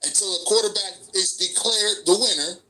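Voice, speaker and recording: Bright, emphatic man arguing sports. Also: sits high, moderate pace, low-quality recording. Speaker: sports talk commentator. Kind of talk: sports talk show debate.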